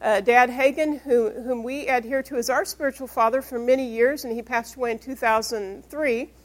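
Speaking at normal speed in a slightly high, steady tone, a woman pastor leads a Bible-study sermon. Emphatic, she reads passages of scripture and questions the congregation to prompt their responses.

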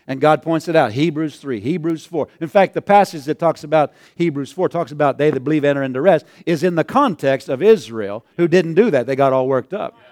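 High-voiced chuckling preacher man. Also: lively intonation, a little fast, hardly any pauses, darkish tone. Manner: chuckling, call-and-response. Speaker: pastor. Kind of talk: sermon.

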